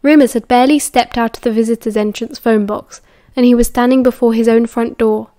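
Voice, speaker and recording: British woman, steady audiobook narration, higher voice, dry close sound. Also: no echo. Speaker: audiobook reader.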